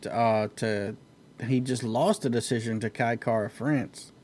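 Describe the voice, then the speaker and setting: Easygoing male host, mid-pitched, jokey, keeps the show moving. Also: steady tone, a little slow, darkish tone, slight background noise. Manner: laid-back, joking, runs the card. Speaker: podcast host. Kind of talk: casual fight-pick chat.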